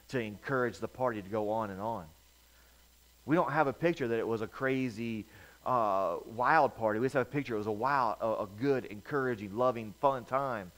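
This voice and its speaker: A male pastor preaching a sermon in a storytelling manner, swinging between loud bursts and quiet asides. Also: lowish voice, low-quality recording.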